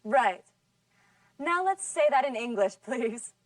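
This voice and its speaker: A woman runs a scripted class in a fairly high voice, patiently drawing out each model word. She sits back from the mic, and the room sounds dry. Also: lively intonation, no room sound, far from the mic. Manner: patient, drawn-out model words. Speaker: English teacher.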